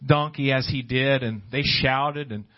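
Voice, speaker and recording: A man's voice: medium pitch, fairly even intonation, measured pace, dull audio. A man preaching a sermon, often restarting his words and building in fervor. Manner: repetitive restarts, rising fervor.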